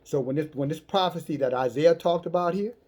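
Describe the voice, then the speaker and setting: A man's voice: a little high, a little fast, a little mellow. A man preaching in a confrontational, profane, slangy rant, scolding his listeners. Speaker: online preacher.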